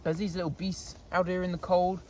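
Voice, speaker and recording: A man's voice: high-pitched, level tone, brisk, a little mellow, a little hiss or hum. Chatty man talking outdoors. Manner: chatty, laughs often, scolds his goats. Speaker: vlogger. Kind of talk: casual vlog talk. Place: outdoors in a goat pen.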